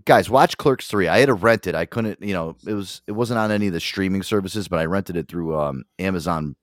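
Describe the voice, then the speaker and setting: A man's voice: low-pitched, brisk, dry recording, studio quality. A man hosting a radio call-in show, chatting casually with loose, profane banter.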